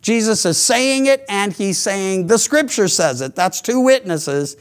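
Guy with a high voice preaching, acts out the quotes, keeps restarting his sentences. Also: a little slow. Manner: animated storytelling, acting out quotes, frequent restarts. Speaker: pastor. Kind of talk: sermon.

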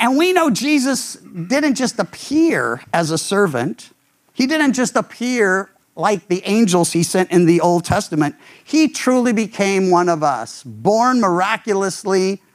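Pastor, male, lively sweeping delivery that jumps up to voice the people he quotes. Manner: animated, acts out quoted speakers with big pitch jumps. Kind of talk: expository sermon.

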